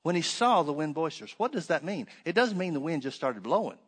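A man preaching a sermon, reading scripture aloud and then explaining it with rhetorical questions, swinging between loud emphatic stresses and hushed asides. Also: a little high, sing-song, fairly quick, slightly rough.

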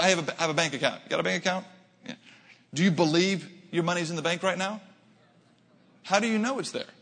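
An American pastor preaches with animated storytelling and quick asides. His voice sits on the higher side for a man. A long hall reverb trails his words through the church. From United States. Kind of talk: sermon.

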